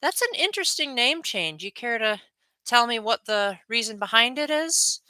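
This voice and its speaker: A young man talks casually to his stream viewers, rambling from one thought to the next in a friendly way. His voice is bright and smooth, on the high side for a man. The sound is close and dry. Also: sing-song, normal speed, dry recording. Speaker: livestreamer. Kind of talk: casual livestream chat with viewers.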